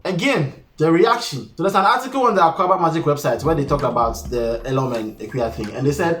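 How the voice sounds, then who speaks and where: Fast-talking sarcastic man reviewing a show. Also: on the high side, reverberant, soft background music. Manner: chatty, sarcastic, animated asides. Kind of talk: casual commentary.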